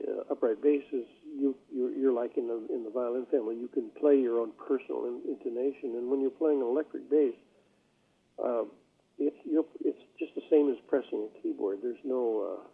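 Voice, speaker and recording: Gravelly older man on a phone line. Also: medium pitch, normal speed. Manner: rambling storyteller with many fillers. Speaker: jazz bassist, guest. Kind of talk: casual interview talk.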